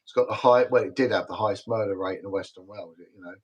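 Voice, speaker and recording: A man's voice: on the low side, quick pace, a little mellow, slightly rough, highs cut off. Emphatic middle-aged British man. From Britain. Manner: emphatic, repetitive, rambling storyteller. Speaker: guest, retired detective. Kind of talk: casual livestream interview talk.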